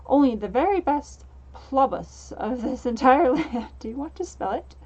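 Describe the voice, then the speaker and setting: A woman's voice: sits high, lively intonation, normal speed, a little mellow. Woman playing a cheery dung-selling creature. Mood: proud. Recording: dull lo-fi mic.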